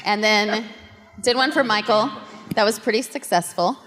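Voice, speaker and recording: A woman on a convention panel, telling a story with lively, laughing energy and acting out the quotes. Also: mid-range voice, normal speed. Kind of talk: animated storytelling to an audience. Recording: reverberant convention hall.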